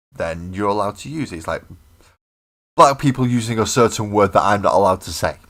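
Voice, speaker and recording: A man with an English accent talks in a rambling, bantering way on a live stream. His voice sits very low, and he chats casually with viewers as he works at a home hobby desk. The sound comes through a simple stream mic. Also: fairly bright tone. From England. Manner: rambling banter, answers chat while working. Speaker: mini painting streamer. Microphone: webcam stream mic.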